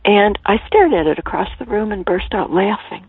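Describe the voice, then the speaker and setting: A woman author telling stories as a guest on a radio interview, animated, at times dropping to a soft whisper, heard over a phone line. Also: medium pitch, moderate pace, slightly rough, no room sound. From Ireland. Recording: tinny phone line, dry.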